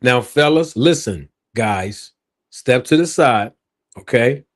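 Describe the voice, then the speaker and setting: A man's voice: mid-range voice, takes it slowly. A man hosting a live stream, joking and talking straight to his viewers into his own microphone. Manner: animated, joking, talks straight to his chat. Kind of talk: casual live stream chat.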